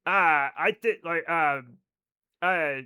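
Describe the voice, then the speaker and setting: A man streaming a game live, talking in a high voice with a bright, forceful edge. He rambles and jokes loosely, swearing freely as he chats to his viewers. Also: extremely slow, clean tone. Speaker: livestreaming gamer. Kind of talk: casual live-stream chat.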